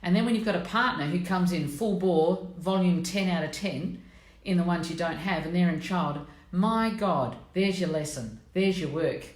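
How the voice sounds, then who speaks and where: A woman's voice: lowish voice, moderate pace, hardly any pauses. A middle-aged woman hosting a live stream, chatting bluntly and with self-mockery, greeting her viewers by name. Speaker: host of a personality coaching live stream. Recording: echoey room.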